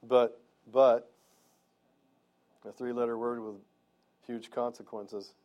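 A man's voice: mid-range voice, level tone, takes it slowly, long pauses, highs cut off. A male pastor preaching in church, earnest and conversational, asking the congregation questions as he goes. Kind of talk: sermon.

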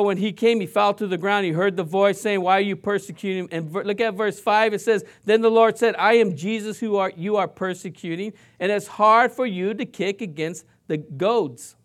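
A man preaching a sermon in a conversational way, asking the congregation questions and mimicking sounds to make his points. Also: high voice. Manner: playfully mimics sounds and voices to illustrate points. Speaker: pastor.

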